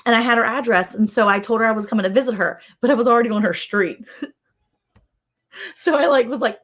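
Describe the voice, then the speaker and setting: A woman's voice: on the high side, fast talker. A middle-aged woman hosting a casual live-stream chat. She tells family stories with animation, laughs often, and jumps her voice up to act out relatives' lines. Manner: animated storyteller who acts out relatives' lines in a raised voice; laughs often while talking. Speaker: host.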